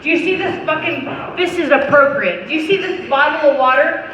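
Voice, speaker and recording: A young adult woman doing stand-up comedy, animated and profane, talking straight to the crowd. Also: sits high, fairly quick, muffled recording, a little hiss or hum. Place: comedy venue. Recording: echoey club mic heard from far off.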